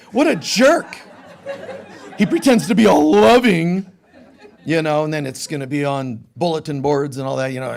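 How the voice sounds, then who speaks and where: A man with a fairly high voice delivers a casual, conversational sermon. He shifts between quiet, intimate stretches and lively, joking asides, and he is in his middle years. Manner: conversational, animated, jokey asides. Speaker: spiritual teacher.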